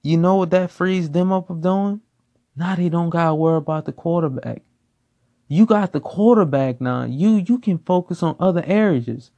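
A man's voice: fairly high pitch, normal speed, mellow, muffled recording. A man giving a casual football opinion rant, blunt and profane, repeating himself for emphasis. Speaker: sports commentator.

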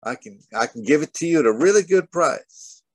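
A man's voice: on the high side, animated, a little fast, breathy edge, no room sound, voice pushed up, rough recording. A man putting on a friendly Texan man who offers to sell a revolver, in a folksy, salesman-like way.

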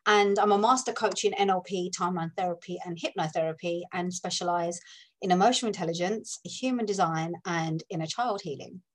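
A woman from London with a London accent, a guest on a podcast, talking about her coaching work in a chatty, relaxed way. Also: lowish voice, a little fast. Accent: London English. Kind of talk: conversational interview.

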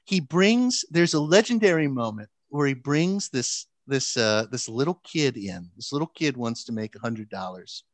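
A man telling a long story in casual chat, animated, with frequent restarts and fillers. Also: medium pitch, moderate pace, hardly any pauses, no room sound.

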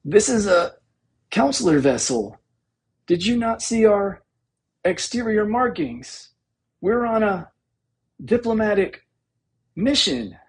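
A man playing a high, choking rebel officer. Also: sing-song, takes it slowly, pauses often, slightly rough, heavily acted. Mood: choked defiance. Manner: strangled, choked and high-pitched. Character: choking male rebel officer, defiant and desperate.

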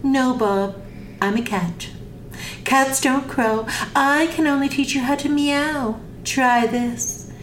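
Woman voicing a patient, gentle storybook cat. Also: high voice, takes it slowly, a little hiss or hum. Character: calm, matter-of-fact storybook cat. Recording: echoey room.

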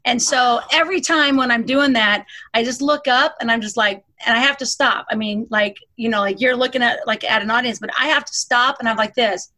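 A middle-aged woman in casual conversation, telling a personal story in an animated way. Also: on the high side, fairly quick, hardly any pauses. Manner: animated storytelling, bursts into loud mock scolding.

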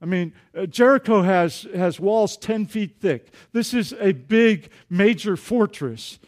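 High-voiced animated male pastor. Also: slow pace. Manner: animated, acts out dialogue, jokes with congregation. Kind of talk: sermon.

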